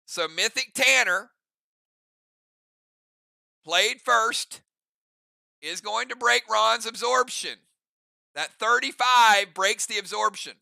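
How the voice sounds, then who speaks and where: A man's voice: high-pitched, takes it slowly, vocal fry, long pauses, pushed and bright, dry recording. A man running an online role-play game as game master, narrating moves in a casual, chatty way with rambling asides.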